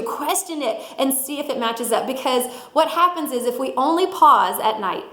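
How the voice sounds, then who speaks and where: A middle-aged woman giving an energetic motivational talk, laughing often and acting out little quotes. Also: high voice, normal speed, hardly any pauses. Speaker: sales director giving a mindset talk. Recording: roomy echo.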